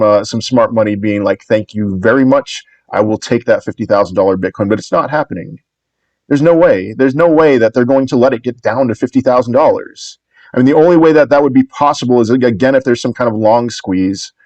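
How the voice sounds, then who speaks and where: A man talking through market charts in a casual video, upbeat and reassuring. He rambles, restarts words and corrects himself as he goes. His voice sits at an ordinary pitch and sounds dry and close. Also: darkish tone, no echo. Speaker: crypto market commentator.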